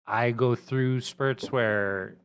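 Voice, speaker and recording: A man's voice: medium pitch, fairly even intonation, very slow, fairly bright tone, smooth. A man chatting on a podcast, hesitant and repeating words, with a dry sense of humor. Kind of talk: casual chat.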